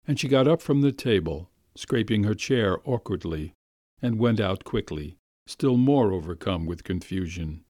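Low-voiced man reading a classic story. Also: dry recording, studio quality. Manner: measured, expressive reading. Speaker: narrator. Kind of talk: scripted narration of a classic story.

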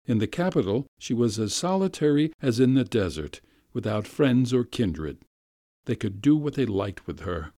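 A man narrating a classic story with a measured, expressive reading. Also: medium pitch, no echo, clean studio sound.

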